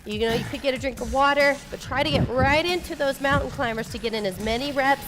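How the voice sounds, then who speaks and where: A woman with a high-sitting voice and quick pace leads exercisers along as their fitness instructor. Workout music plays while she pants through her peppy coaching.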